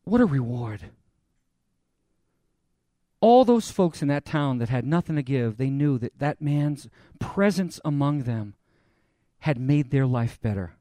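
A man's voice: medium pitch, animated, a little slow, long pauses, warm tone, no room sound, clean studio sound. A male pastor preaching a sermon in an earnest, conversational way, speaking directly to his congregation.

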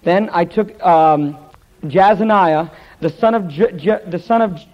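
High-voiced male preacher telling a story. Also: measured pace, muffled recording. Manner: lively storytelling, stumbles over hard names. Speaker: pastor. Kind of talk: sermon.

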